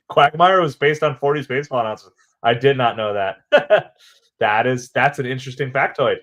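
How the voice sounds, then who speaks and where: A man with a mid-range, fairly bright voice talks at a normal speed while hosting a live baseball watch-party stream. As a livestream host and baseball commentator, he chats casually and upbeat with viewers and laughs often.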